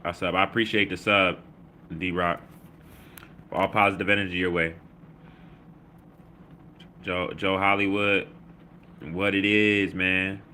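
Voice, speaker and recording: Reading viewers' comments aloud and tossing out shout-outs, a low, bright-voiced livestream host from Baltimore chats loosely and with plenty of slang. A faint hiss or hum sits under the audio.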